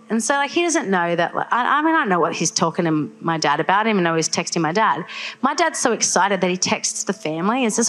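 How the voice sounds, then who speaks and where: A young woman from Australia, telling her faith story to a live audience in an animated way, full of "like"s. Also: mid-range voice. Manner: animated storytelling, many filler "like"s. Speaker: guest speaker.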